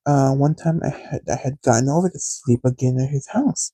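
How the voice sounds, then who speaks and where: A man's voice: mid-range voice, moderate pace, warm tone, breathy edge, no echo, poor audio. A man telling a personal story in a frank, rambling way, speaking straight to his listeners as a podcast host. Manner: candid, rambling, addresses listeners directly. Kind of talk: casual storytelling.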